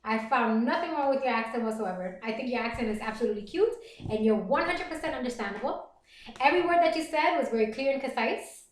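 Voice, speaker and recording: Middle-aged Puerto Rican Bronx woman, livestream host, rapid chatty delivery, roomy echo. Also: a little high, lively intonation. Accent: Puerto Rican Bronx New York. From the Bronx, New York. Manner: fast-talking, chatty and reassuring. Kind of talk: casual chat reading viewer comments.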